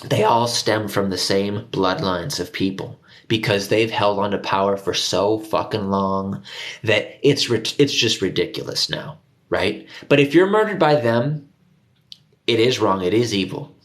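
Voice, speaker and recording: A man's voice: lowish voice, unhurried. A man hosting his own video, delivering a heated profane rant straight to his viewers and repeating himself for emphasis. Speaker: conspiracy video host.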